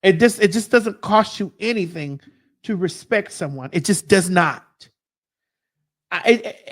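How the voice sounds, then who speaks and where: A woman's voice: medium pitch, animated, unhurried. A woman hosting a reaction commentary, making her points emphatically and repeating them for weight. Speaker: host.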